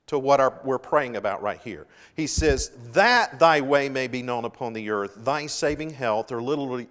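A middle-aged male pastor delivers an earnest sermon, letting his voice rise for emphasis and fall back to a quiet, reflective tone. His voice carries a long reverb tail from a large hall. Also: fairly high pitch. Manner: earnest preaching with swells of emphasis and dramatic pauses.

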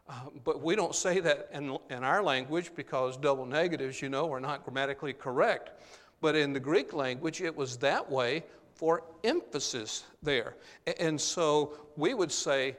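A man's voice: a little high, a little slow, fairly bright tone. Preaching man in a reverberant hall. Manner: earnest preaching with frequent "uh, there" tags. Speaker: pastor. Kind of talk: sermon.

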